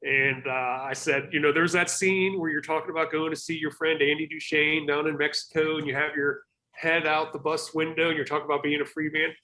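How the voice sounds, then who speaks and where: A man's voice: on the high side, little pitch movement, fairly quick, pushed and bright, slight background noise. A man talking casually as a guest over a video call, hesitant, with many restarts and fillers, earnest in tone. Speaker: podcast guest.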